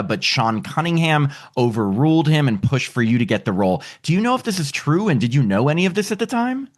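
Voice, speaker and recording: Man hosting a casual interview. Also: medium pitch. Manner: laughs along, asks long questions. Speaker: podcast host.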